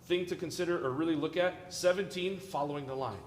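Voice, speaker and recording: A man conducting an orchestra rehearsal in a large concert hall jokes with and encourages the players while coaching them, playful throughout. His voice sits on the high side and moves fairly quickly. The hall is echoey with long reverb, and there's slight background noise.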